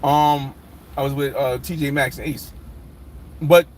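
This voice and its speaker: A man's voice: mid-range voice, fairly even intonation, measured pace, a little hiss or hum. A man hosting a casual live chat, rambling with many restarts and fillers.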